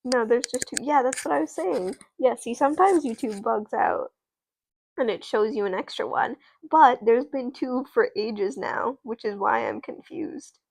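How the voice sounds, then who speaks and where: A woman's voice: fairly high pitch, moderate pace, vocal fry, darkish tone, dry recording. A woman streaming as she makes up a doll play story, rambling and interrupting herself with laughs. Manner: meandering, self-interrupting, laughing.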